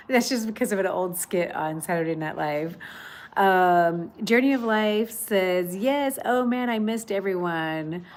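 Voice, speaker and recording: Speaking slowly in a medium-pitched voice, a livestream host chats from her outdoor patio at home. She reads viewer comments out loud, greets people warmly, and fills her chatty talk with plenty of fillers.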